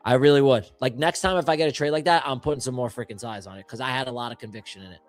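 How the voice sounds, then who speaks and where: A man co-hosting a live trading stream, talking in an animated, slangy, hyped way. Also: medium pitch, very fast. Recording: faint music in the background.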